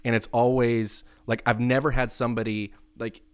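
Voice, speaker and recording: A man hosting a podcast, talking in a relaxed, friendly way with many fillers. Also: medium pitch, moderate pace, clean tone, no echo. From northern Idaho, United States. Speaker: podcast host. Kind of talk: casual conversation.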